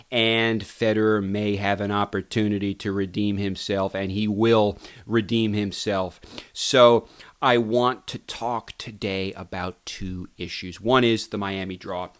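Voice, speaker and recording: Guy doing his tennis vlog, hammy and playful, bright punchy voice, talks right at you. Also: fairly low pitch. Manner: playful, theatrical, talks straight to viewers. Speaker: tennis video host. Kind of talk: casual tennis commentary vlog.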